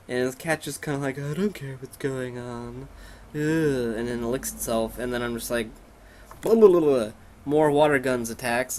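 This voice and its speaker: A man giving casual let's play commentary, irreverent and joking as he invents silly dialogue for the characters. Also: mid-range voice.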